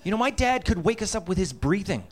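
A man's voice: high voice, sing-song, fast talker, background noise. A man in his fifties from Massachusetts telling a comic childhood story, laughing through his lines and acting out voices and sound effects. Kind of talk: comedic personal storytelling.

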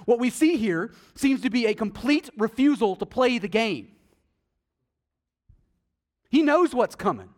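A man preaching a sermon, emphatic and swinging between loud stresses and hushed, intimate asides. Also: extremely high pitch. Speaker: pastor.

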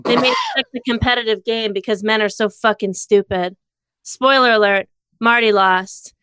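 A woman reading a comedic story aloud in a deadpan storytelling manner on a close studio mic. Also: medium pitch, normal speed, clear, resonant tone, no room sound. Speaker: co-host reading fan fiction.

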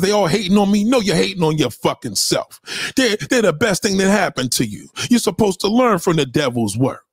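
A man with a high, husky voice holds forth on his livestream, preaching and picking fights. His pitch leaps up and down, and he swears constantly. The sound is dry, with no room around it. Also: no echo. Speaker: livestream host. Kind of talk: profane livestream rant.

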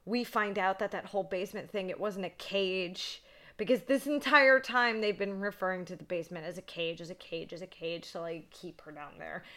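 Bright, excitable woman recapping a film. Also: mid-range voice. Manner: excitable, swears freely, says "like" often. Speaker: horror podcast co-host. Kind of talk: casual movie recap chat.

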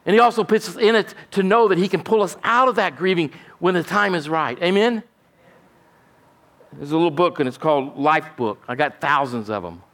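A man's voice: fairly high pitch, moderate pace, fairly bright tone. A male pastor, preaching a folksy, emphatic sermon and asking "amen?" often.

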